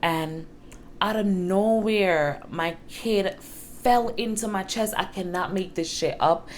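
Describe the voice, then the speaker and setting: A woman's voice: medium pitch, slow, a little hiss or hum. A young woman, a single mother, telling a personal story to the camera in a frank, emphatic way, swearing casually.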